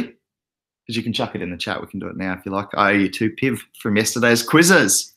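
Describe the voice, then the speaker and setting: A young Australian man hosting a casual crypto livestream, relaxed and chatty, laughing often as he reads out the chat. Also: medium pitch.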